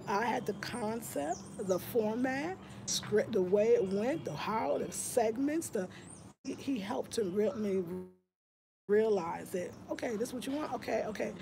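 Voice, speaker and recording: A woman hosts her own vlog in a loose, rambling way, breaking off mid-thought and starting over. She sounds excitable and animated. Steady noise and outdoor ambience run clearly behind her voice. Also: on the high side. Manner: chatty, rambling, excitable, self-correcting. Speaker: vlogger, home decor channel host. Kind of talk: casual vlog chat.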